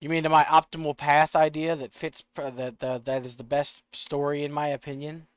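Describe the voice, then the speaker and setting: A man streaming a video game, chatting casually, rambling and swearing in his excitement, with a slight rural American accent. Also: a little high, a little fast, smooth, dry recording.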